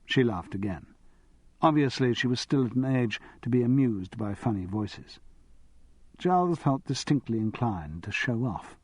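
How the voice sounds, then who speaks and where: A man narrating an audiobook in a wry, expressive manner. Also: medium pitch, moderate pace, breathy edge, no room sound.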